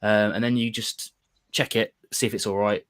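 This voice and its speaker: A man hosting a casual roundtable chat, explaining things in a relaxed way and sharing tips. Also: fairly low pitch, normal speed, clear, resonant tone, dry recording. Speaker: show host.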